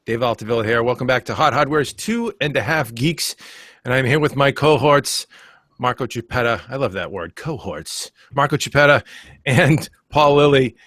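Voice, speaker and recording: A man's voice: medium pitch, expressive, normal speed, fairly bright tone, no room sound, studio quality. A man hosting a casual tech webcast, joking with his co-hosts and often repeating words while he thinks. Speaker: podcast host.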